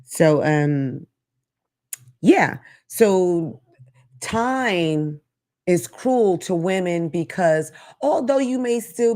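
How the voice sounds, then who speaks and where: A woman's voice: fairly low pitch, darkish tone. A woman hosting a call-in talk show, talking frankly and sassily, laughing at her own jokes. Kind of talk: live call-in show monologue.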